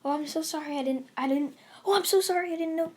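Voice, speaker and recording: A woman's voice: high-pitched, quick pace, a little mellow, a little hiss or hum, pitched above the performer's own voice, lightly acted. Woman doing a flustered schoolgirl. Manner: pleading, flustered. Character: young female student, emotional and apologetic.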